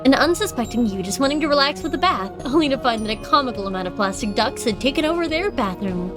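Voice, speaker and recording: A woman streamer reading a visual novel aloud with expressive, dramatic delivery and casual asides. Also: sits high, fast. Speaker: game streamer. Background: game background music.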